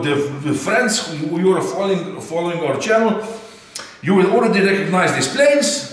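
A man's voice: high-pitched, fairly bright tone, recorded from a distance. Chatty man. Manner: chatty, rambling, repeats "eh?". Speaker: RC hobby channel host. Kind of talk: casual unboxing chat. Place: indoor hangar room. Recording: echoey room, mic set back.

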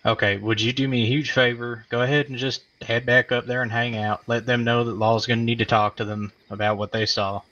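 Brief: man voicing a calm, methodical western lawman, mid-pitched, muffled lo-fi voice chat. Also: a little fast, few pauses, lightly acted. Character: patient frontier lawman taking a statement. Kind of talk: western game role-play.

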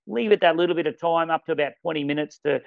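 A man leads a casual product training session, excited and quick to exclaim. His voice sits a little high with a heavy gravelly fry. The recording is dry and dull, a bit lo-fi. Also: no room sound. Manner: enthusiastic, exclaiming. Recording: dull lo-fi sound.

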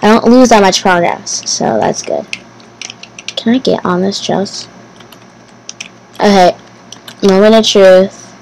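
A woman giving casual gameplay commentary as host of her channel, talking to herself nervously, repeating phrases and bursting into excited exclamations. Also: mid-range voice, takes it slowly, pauses often, slight background noise, low-quality recording. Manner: nervous, anxious self-talk, repeating phrases.

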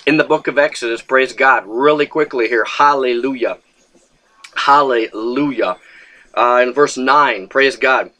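A man delivers a short video sermon as a pastor, fervent and insistent. His voice is bright and forward, pitched in an ordinary male middle range. He keeps breaking in with hallelujah and praise God, and now and then he voices a pleading churchgoer. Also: fairly even intonation, moderate pace, hardly any pauses, rough recording. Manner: acts out a pleading believer's voice.

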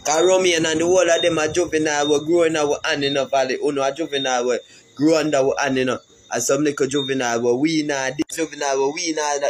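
A man's voice: mid-range voice, a little hiss or hum, rough recording. A man with a Jamaican accent delivering a heated, repetitive social media rant that calls out a fellow artist.

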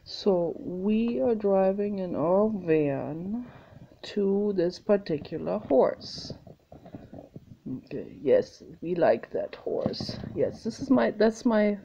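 A woman's voice: mid-range voice, big pitch swings, slow pace, vocal fry, mellow. A woman chatting casually in a home video, meandering and thinking aloud as she shows her art. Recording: slightly muffled, faint hiss.

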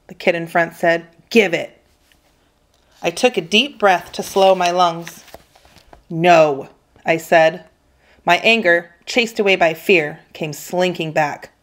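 Give me a woman teacher reading a chapter book aloud to kids, expressive, voice a little low. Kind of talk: children's book read-aloud.

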